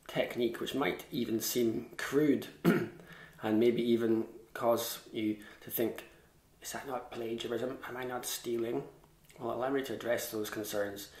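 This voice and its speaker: A man giving a relaxed online fiddle lesson, chatty and self-deprecating, scat-singing rhythms as he explains them. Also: medium pitch. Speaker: fiddle tutor. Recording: echoey room.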